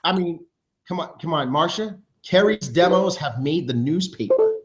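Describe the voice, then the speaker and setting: High-voiced hyped man hosting awards. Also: noisy background. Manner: energetic, hyped, talks fast with loose restarts. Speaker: host of a team video show. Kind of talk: upbeat award announcements. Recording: dull lo-fi sound.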